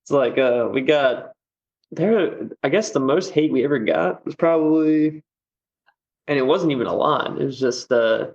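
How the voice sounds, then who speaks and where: Gravelly-voiced man, dull lo-fi sound. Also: fairly high pitch, moderate pace. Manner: rambling, laughs easily, many fillers. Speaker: guest. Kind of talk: casual podcast chat.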